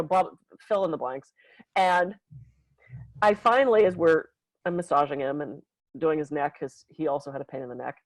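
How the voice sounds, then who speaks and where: Lively storytelling woman, dry close sound. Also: dry recording, poor audio. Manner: animated, acts out quotes with big pitch jumps, laughs often. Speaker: podcast co-host, massage therapist. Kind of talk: casual storytelling.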